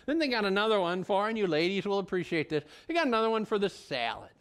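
A man's voice: high-pitched, very animated, fast talker, fairly bright tone, clear, resonant tone. Folksy rambling male pastor. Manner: rambling and folksy, with many restarts and asides. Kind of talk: conversational sermon.

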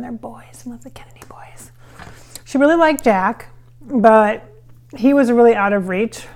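A woman's voice: mid-range voice, a little mellow. Chatty woman vlogging in her kitchen. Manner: rambling, chatty, many fillers. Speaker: psychic medium vlogger. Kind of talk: casual vlog chat. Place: home kitchen with hardwood floors.

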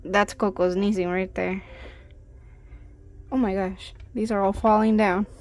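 A woman's voice: mid-range voice, fairly even intonation, measured pace, darkish tone, faint music behind. A woman hosting a toy unboxing video, chatty and giggly, exclaiming over tiny toys. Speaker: toy review host. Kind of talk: casual unboxing chat.

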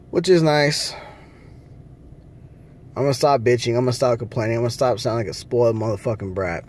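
A man's voice: fairly high pitch, a little mellow. A man vlogging from a rental car, ranting angrily with lots of swearing. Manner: angry, profane ranting. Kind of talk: casual vlog rant.

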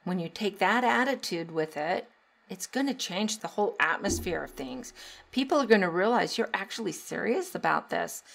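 Woman, middle-aged, podcast host, teacher, chatty, laughs often, animated. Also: fairly low pitch, gravelly. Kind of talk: casual solo podcast advice.

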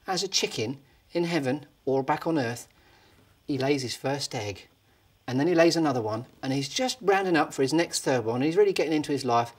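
A man's voice: on the high side, expressive, fairly quick. A man telling a crude shaggy-dog joke in a chatty, matey way. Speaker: stand-up comedian.

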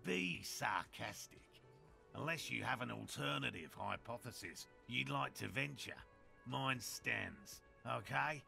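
Proud cryptozoologist, very gravelly, bright edge, formal, eager, game dialogue. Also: male voice, mid-range voice, lively intonation, takes it slowly, soft background music, full character voice. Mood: defensive. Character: earnest middle-aged male cryptozoologist, proud and emotional. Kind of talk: video game voice acting.

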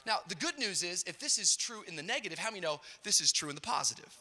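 A middle-aged man preaching a sermon, telling a funny story in a storyteller's way and building up to shouted peaks. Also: sits high, animated, quick pace. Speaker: pastor. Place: large church auditorium. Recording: hall reverb.

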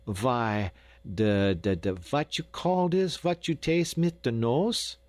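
A man voicing a good-humored Dutch boy who speaks halting broken English with a thick put-on accent and lisped s sounds, for an audiobook. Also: mid-range voice, no room sound, pitched above the performer's own voice, natural voice. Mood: puzzled. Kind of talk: audiobook character voice.

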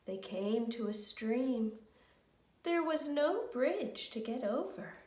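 Woman, storyteller, high voice, slow children's story reading, roomy, distant mic. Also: animated. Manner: slow, gentle storytelling with sung refrains.

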